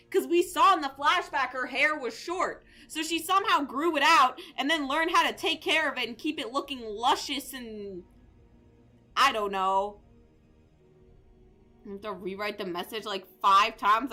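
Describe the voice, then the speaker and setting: A young woman streaming a game, reading its text aloud and reacting in an excitable, joking way, swearing and shouting at times. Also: high voice.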